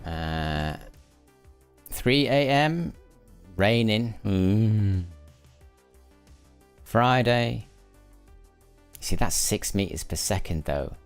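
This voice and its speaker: Low-voiced northern English man gaming. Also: animated, drawn-out words, pauses often, smooth, faint music behind. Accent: northern English, mixed. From Lancashire, England. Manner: musing aloud, chatting with viewers while playing. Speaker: gaming streamer. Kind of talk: live gameplay commentary.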